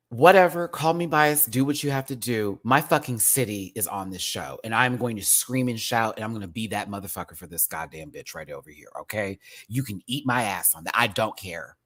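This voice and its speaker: A man from Houston hosting a casual livestream review, talking in an animated, campy and profane way with lots of fillers. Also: lowish voice, fairly quick, hardly any pauses. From Houston, Texas. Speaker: livestream show host.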